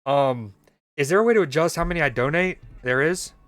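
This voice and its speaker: A man's voice: a little high, expressive, a little fast, a bit bright, dry recording. A young man streaming a mobile game, chatting casually and joking with his viewers as he plays. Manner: playful, jokey, reads chat aloud. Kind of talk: casual gaming stream chat.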